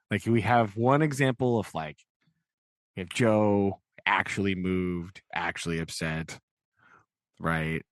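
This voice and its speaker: A man with a lowish voice talks through a book in casual podcast chat. He rambles, leans on "like" and "right?", and slips into voices when quoting. The recording is close and dry. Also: a bit bright, no echo. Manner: acts out quotes in changing voices. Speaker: podcast co-host.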